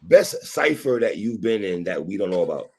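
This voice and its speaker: Low, gravelly, husky male host. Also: very animated, normal speed, darkish tone. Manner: laid-back, brief questions and reactions. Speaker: podcast host, interviewer. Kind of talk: casual interview.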